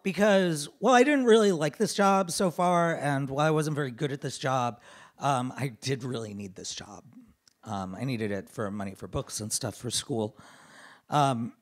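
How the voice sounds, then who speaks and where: A man telling a funny personal story on a theater stage, animated and self-deprecating, into a stage microphone. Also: mid-range voice, normal speed. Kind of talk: live comic storytelling.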